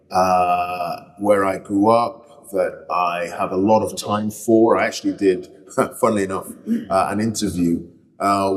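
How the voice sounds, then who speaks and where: A lower-voiced man with a northern English Lancashire accent speaks as an interview guest. He chats loosely, correcting himself mid-sentence and circling back. The recording is distant with a long, roomy echo. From Bolton, England. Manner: chatty, many restarts and self-corrections. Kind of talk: relaxed reflective conversation.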